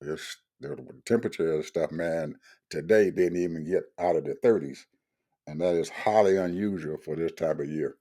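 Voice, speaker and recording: A man's voice: low voice, moderate pace, mellow. An older man, chatting casually and chuckling often, repeating himself as he talks. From Georgia, USA. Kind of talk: casual chat.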